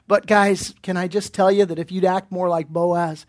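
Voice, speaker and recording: A man's voice: high-pitched, fairly even intonation, moderate pace. A man preaching a sermon as pastor, earnest and direct, putting pointed questions to his listeners and often restarting his words. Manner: earnest, repeats himself while searching for words, asks pointed questions.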